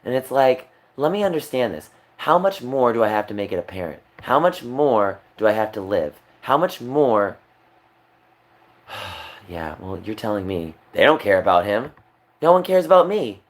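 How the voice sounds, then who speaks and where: A man's voice: medium pitch, very animated, moderate pace. A young man on a livestream, talking upset and rambling, repeating himself. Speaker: streamer. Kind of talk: emotional livestream monologue.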